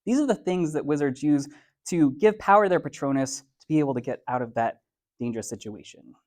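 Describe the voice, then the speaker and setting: A man's voice: fairly high pitch, lively intonation, a little fast, darkish tone. A man and author giving a conversational, playful motivational talk to a live audience, laying out his points in numbered steps and using casual everyday phrasing.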